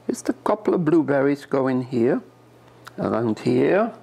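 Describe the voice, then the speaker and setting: A man's voice: mid-range voice, sing-song, a little slow, vocal fry, mellow, breathy edge. A man from Europe, a chef, chatting step by step through a cooking demonstration in a kitchen and often repeating his words.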